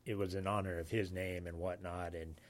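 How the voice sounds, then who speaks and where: A man from Alaska, a Navy sailor, telling a story in casual talk, halting and full of fillers. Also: low voice, flat delivery. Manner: rambling, halting, many fillers. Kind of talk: casual spoken anecdote.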